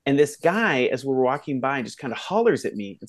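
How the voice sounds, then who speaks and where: A man's voice: a little high, brisk, few pauses. A man co-hosting a casual podcast, telling a neighborhood anecdote and acting out the people in it. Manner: animated anecdote teller, voices the people in his story. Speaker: podcast co-host. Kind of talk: casual chat, storytelling.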